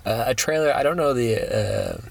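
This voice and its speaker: A man's voice: mid-range voice, expressive, moderate pace, creaky. A man hosting a podcast in casual chat, rambling, laughing and trailing off mid-sentence. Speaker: podcast host.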